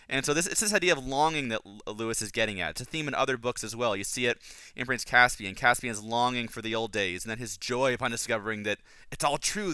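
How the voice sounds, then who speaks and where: A man's voice: mid-range voice, pushed and bright, clean tone, no echo. A man hosting a podcast, chatting casually and enthusiastically about books and film, rambling with many restarts. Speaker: podcast host. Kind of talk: casual book and film analysis.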